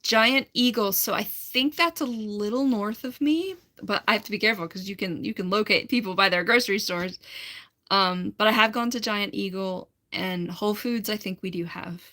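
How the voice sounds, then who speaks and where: A woman's voice: mid-range voice, moderate pace, sharp tone. A young American woman chatting casually on a livestream, rambling and laughing as she answers her chat. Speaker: livestream host.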